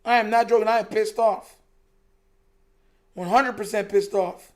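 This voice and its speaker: Reacting to a football game on his live stream, a young man speaks in a high, fairly even voice at an unhurried pace. The casual chat is frustrated and emphatic, with lots of repetition and frequent "bro"s.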